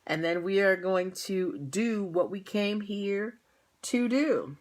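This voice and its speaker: A young female livestream host, tired and yawning, chats slowly and casually with her viewers before the show in a medium-pitched voice. She laughs often.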